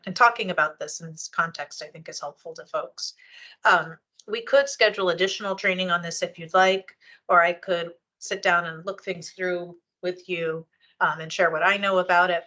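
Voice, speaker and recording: A woman's voice: on the low side, steady tone, normal speed, bright, forceful tone, highs cut off. A woman chairing a public board meeting over a video call, explaining rules conversationally with frequent ums and restarts. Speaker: meeting chair, library official.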